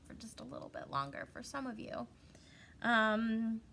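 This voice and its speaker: A woman's voice: a little high, lively intonation, moderate pace, gravelly, pushed and bright. A young woman teaching an online kindergarten class in a playful, sing-song way, stretching her words and often repeating herself.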